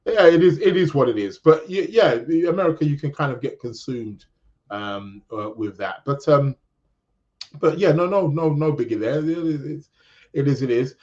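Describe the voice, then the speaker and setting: British guy rambling on his podcast, kinda high voice, muffled lo-fi sound. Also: moderate pace, a little mellow. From England. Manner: rambling, many restarts, chatty. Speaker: podcast host. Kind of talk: casual live-stream chat reading comments. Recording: dull lo-fi sound.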